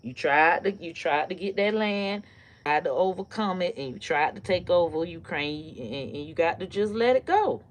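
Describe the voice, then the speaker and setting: A woman hosting a casual comedy live stream, telling stories and ranting in a loose, profane, animated way with bursts of laughter. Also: on the low side, normal speed. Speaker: online comedy host.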